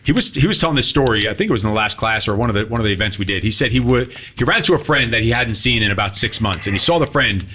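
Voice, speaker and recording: A man's voice: lowish voice, animated, racing, few pauses, pushed and bright, slight background noise. A middle-aged man co-hosting a podcast, blunt, heated and profane, pressing his points with emphasis. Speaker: podcast co-host.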